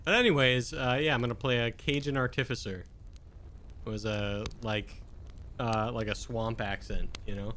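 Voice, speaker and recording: A man's voice: mid-range voice, fairly even intonation, moderate pace, fairly bright tone, slight background noise. A man co-hosting a casual podcast as a player; he laughs a lot and digs in stubbornly when he debates.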